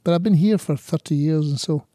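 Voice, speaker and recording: Soft-spoken man with mild Scottish accent. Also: fairly high pitch, fairly quick, dry recording, clean studio sound. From Scotland. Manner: reflective, rambling, says "you know" often. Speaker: guest musician. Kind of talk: casual interview chat.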